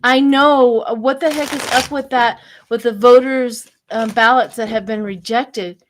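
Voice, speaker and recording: A woman's voice: a little high, steady tone, a little slow, slight background noise. An older woman from Colorado doing a casual, chatty tarot reading for her channel, laughing often and wandering into gossipy asides. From Colorado, United States. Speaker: tarot reader.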